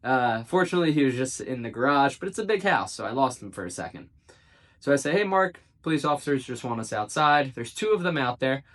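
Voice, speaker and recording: A man in an ordinary middle-register voice tells a personal story straight to his audience in a relaxed vlog style. He bounces between narration and acted-out quotes. He drops dry, sarcastic asides along the way. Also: medium pitch, brisk. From South Jersey, United States. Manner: animated retelling, acting out quoted dialogue with dry asides. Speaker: real estate agent. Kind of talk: casual storytelling to camera.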